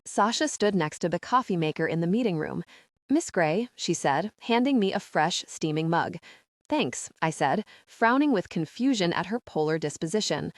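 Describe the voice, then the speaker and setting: A woman narrating a first-person audiobook with an expressive, measured reading. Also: fairly low pitch, no room sound, studio quality.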